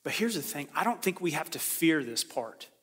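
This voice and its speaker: A fairly high, bright male voice carries through a church sanctuary with a long reverb trailing each phrase. He preaches in a loose, conversational way and slips into the voices of the people he quotes. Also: very animated, moderate pace, slightly rough. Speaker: pastor. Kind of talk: sermon.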